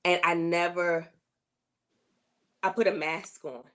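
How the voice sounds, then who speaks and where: A woman guest telling a personal faith testimony in an interview, earnest and emotional, repeating herself and rising in pitch when she voices her complaints to God. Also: fairly even intonation, slow pace. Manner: earnest, emotional storytelling with repetition.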